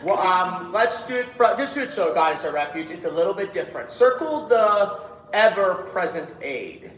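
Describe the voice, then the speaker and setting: Choir director in an echoey hall. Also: male voice, sits high, lively intonation, moderate pace, fairly bright tone, soft background music. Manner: demonstrates lines by singing, counts in. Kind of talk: choir rehearsal coaching.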